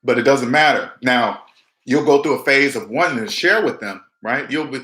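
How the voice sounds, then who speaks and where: A personal finance vlogger in his forties gives a casual motivational monologue to camera, his medium-pitched, sharp voice at normal speed in a reverberant space. Preachy and repetitive, he speaks straight to viewers and acts out other people's lines.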